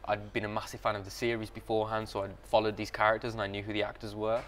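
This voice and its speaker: A man's voice: lowish voice, level tone, fast, fairly bright tone, a little hiss or hum. A young man, an actor guest reflecting casually in an interview and laughing easily.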